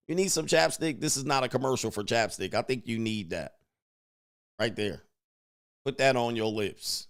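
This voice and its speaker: A man's voice: mid-range voice, vocal fry. A man, a dating coach host, reacting to a video with mocking commentary and laughing asides.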